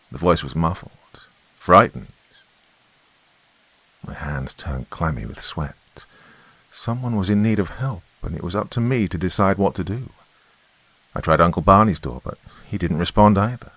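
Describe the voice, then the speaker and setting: Deep gravelly man narrating horror. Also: dry recording. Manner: expressive, tense storytelling with dramatic pauses. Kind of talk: first-person horror story narration.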